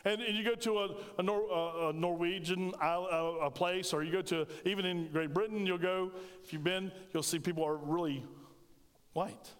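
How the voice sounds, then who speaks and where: A man's voice: high-pitched, normal speed. A middle-aged man preaching a sermon as pastor, telling stories with animation and joking with the congregation. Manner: storytelling, animated, jokes with congregation. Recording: reverberant church sanctuary.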